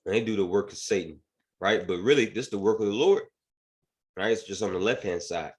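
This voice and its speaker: A man's voice: on the low side, a little fast. A man teaching scripture and commenting on news in an emphatic preaching manner, often asking "right?". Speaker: bible teacher.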